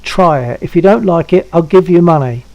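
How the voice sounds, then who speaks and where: A man's voice: fairly high pitch, normal speed, no room sound, lo-fi sound. A man in his seventies hosting a stream, chatting casually and coaxing a friend to try something. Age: 70s. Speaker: stream host. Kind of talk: casual chat.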